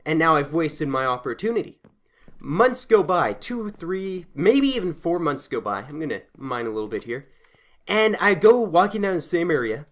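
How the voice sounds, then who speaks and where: A young Canadian man telling an animated, excitable story while playing a game, with frequent restarts and loud bursts. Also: a little high, normal speed. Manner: animated, excitable, acts out quotes loudly. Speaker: gameplay commentator. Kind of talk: casual storytelling over gameplay.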